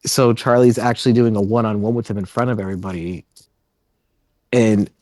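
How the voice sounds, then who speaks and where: A man's voice: on the low side, fairly even intonation, brisk, dark tone, dry recording. A man being interviewed on a podcast, telling loose rambling stories and laughing as he goes. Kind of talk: casual storytelling interview.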